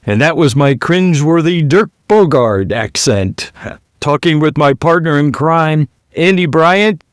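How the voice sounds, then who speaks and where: A man's voice: a little high, animated, measured pace, clear, resonant tone, no echo, clean studio sound. A man co-hosting a casual history podcast, talking in a jokey, enthusiastic, conversational way. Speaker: podcast co-host.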